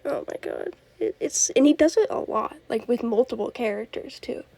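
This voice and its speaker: A young woman talks alone into her podcast, rambling and gushing with lots of fillers and little laughs. Her voice sits a touch high but sounds husky and gravelly, with a dark, mellow color. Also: expressive, normal speed, poor audio. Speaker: podcast host. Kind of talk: casual solo rambling talk.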